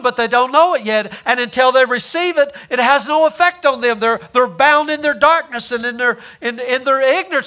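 High, bright-voiced folksy preacher man. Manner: folksy, repeats words, rhetorical questions, swings loud and soft. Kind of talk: sermon.

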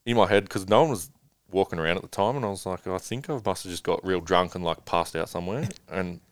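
A man's voice: low voice, quick pace, clear, resonant tone, dry recording, studio quality. A young man casually telling a long rambling story as a guest, swearing freely.

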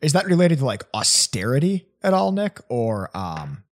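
Dry-humored podcast co-host guy, lively pitch. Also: moderate pace. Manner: wry, joking. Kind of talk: casual podcast chat.

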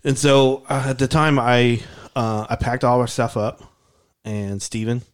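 A man's voice: medium pitch, little pitch movement, unhurried, clean tone. A man telling stories in a casual podcast chat, rambling, with many restarts and fillers.

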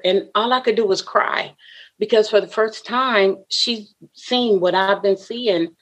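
A woman's voice: mid-range voice, unhurried. A woman guest in an interview, earnestly recounting a personal story and acting out what others said to her. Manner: earnest, emotional, often voices what others said.

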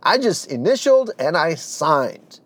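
Earnest man telling his story, lively pitch. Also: unhurried. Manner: earnest, animated, drops to a hush for heavy moments. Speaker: speaker giving a personal testimony. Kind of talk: storytelling testimony.

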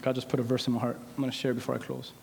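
A man preaching a sermon as pastor, swinging between loud cries and quiet asides, often dropping the word "man" into his talk. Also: mid-range voice, monotone, very fast, creaky, slight background noise. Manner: repeats the filler word "man". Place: church sanctuary. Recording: long hall reverb with soft music.

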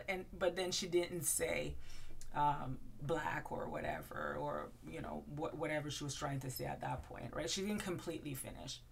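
A woman hosts a casual gossip commentary in a chatty, meandering way. Her voice sits on the lower side for a woman. She speaks loosely, with frequent fillers and restarts as she thinks aloud. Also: moderate pace, vocal fry, slight background noise. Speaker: host.

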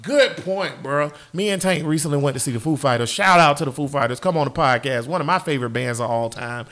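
A man hosting a podcast in casual chat, animated and profane. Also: a little high, fast talker. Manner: animated, profane, laughs often. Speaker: podcast host.

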